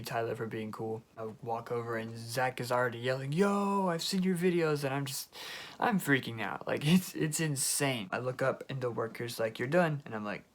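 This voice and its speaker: A young man telling a storytime vlog, excitable and rambling, with lots of filler words. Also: mid-range voice. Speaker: YouTuber.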